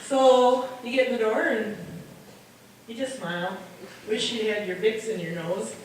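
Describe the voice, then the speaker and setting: Animated Midwestern woman in an echoey hall. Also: fairly high pitch, unhurried. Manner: animated, acts out voices of people in her stories. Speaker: nurse telling comic stories. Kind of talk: stand-up comedy storytelling. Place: party hall, heard from far off. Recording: distant echoey hall recording with noise.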